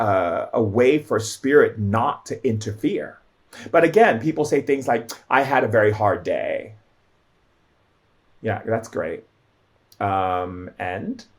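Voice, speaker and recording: A man speaking as a shaman guest, giving an emphatic spiritual teaching with much repetition, the odd filler and voices acted out for the people and spirits he quotes. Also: lowish voice.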